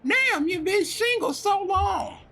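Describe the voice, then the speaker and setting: A man's voice: very high voice, expressive, takes it slowly, vocal fry, bright, forceful tone, soft background music, pitched above the performer's own voice, full character voice. A man voicing a doting, tearful motherly woman in a tabletop game, pleading and emotional. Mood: fussing, pleading. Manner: pleading, emotional, sobbing outbursts. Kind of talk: tabletop role-play character voice.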